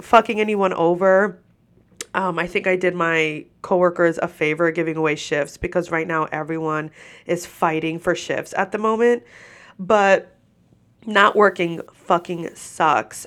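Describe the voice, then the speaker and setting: This woman's voice is lowish yet fairly bright in tone. Congested and short of breath, she hosts a podcast from a seated mic, laughing and cursing freely through a casual rant.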